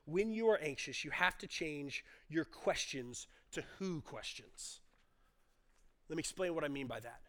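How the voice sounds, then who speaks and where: Male preacher, thirties, high bright voice; earnest sermon swinging between soft and fervent. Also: animated, a little slow. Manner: builds from quiet explaining to impassioned, rising delivery. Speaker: pastor.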